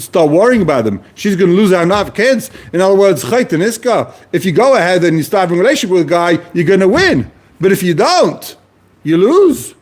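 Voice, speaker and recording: A man's voice: fairly high pitch, darkish tone. A man teaching a text class, posing questions and answering them, repeating key phrases as he explains. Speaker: Talmud teacher. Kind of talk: lively explanatory lecture.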